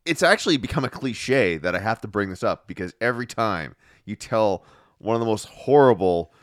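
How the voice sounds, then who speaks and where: A man's voice: lowish voice, lively intonation, a little fast, no room sound, studio quality. A man co-hosting a podcast, teasing his friends with mock-exasperated ribbing. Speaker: podcast co-host. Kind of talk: casual banter.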